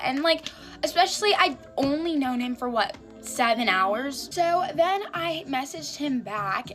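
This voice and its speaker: Chatty teen girl, high voice. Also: expressive, unhurried, a bit bright. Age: teens. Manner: chatty, lots of filler "like". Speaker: vlogger. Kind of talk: casual storytime chat. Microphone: phone. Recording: music playing behind. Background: music.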